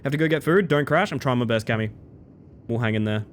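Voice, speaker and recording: A man, chatting excitedly as he streams a game live. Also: mid-range voice, fast talker, a little hiss or hum. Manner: excitable, chatty, bursts into loud exclamations. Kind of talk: live gameplay commentary.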